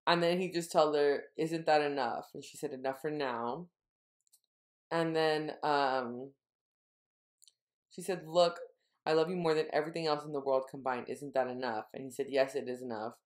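Low-voiced woman recapping a book. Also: fairly even intonation, moderate pace. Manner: retells scenes, quoting dialogue in a low murmur. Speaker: podcast co-host. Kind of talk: casual book-recap chat.

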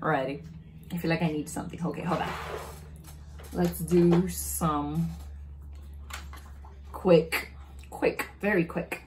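A woman's voice: deep voice, fairly even intonation, takes it slowly, long pauses, darkish tone, slight background noise, rough recording. A young woman chatting casually while unboxing and trying on makeup, narrating each step and easily delighted. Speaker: beauty vlogger.

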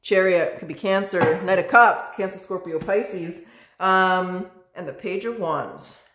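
A woman's voice: lowish voice, measured pace, noisy background. Woman, tarot reader, casual and chatty, roomy echo. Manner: chatty, talks to the viewer as baby, swears.

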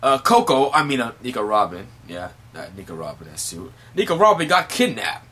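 A man's voice: medium pitch, big pitch swings, a little fast, bright, forceful tone. Nervous impostor pirate underling, stumbles over words, played by a man. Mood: flustered. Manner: stammering, flustered.

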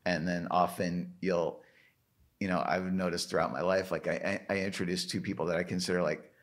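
A man in his fifties, a guest on a podcast interview, talking in a halting, searching way with many restarts. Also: sits low, flat delivery. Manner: halting, restarts, many "like" and "you know" fillers. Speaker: guest, record label founder. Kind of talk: casual interview chat.

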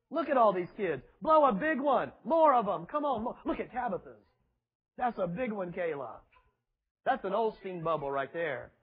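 A man's voice: sits high, slightly rough, narrow, tinny audio. A male preacher, preaching a sermon in a mocking, sarcastic way with emphatic repetition, in a church with children present.

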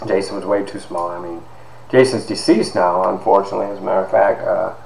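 Low-voiced man telling his life story. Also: fast talker, gravelly. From Ohio, USA. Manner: animated retelling with lots of quoted dialogue and fillers. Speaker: podcast host and author. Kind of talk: personal storytelling. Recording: echoey room with faint background noise.

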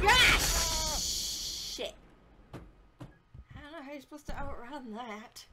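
A young woman commentating a video game, loud and excitable, yelling, swearing and laughing at the game. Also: high voice, slow pace, pauses often, heavy background noise. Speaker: gameplay commentator. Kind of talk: let's play commentary.

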